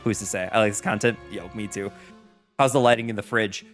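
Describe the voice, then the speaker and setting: A man streaming live while he bakes in a home kitchen, rambling and joking loudly with his viewers, his microphone set some way from his face. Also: on the low side, brisk, faint music behind. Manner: loud, rambling, jokey, chatting with viewers. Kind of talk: casual chat while baking. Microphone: microphone set far from his face.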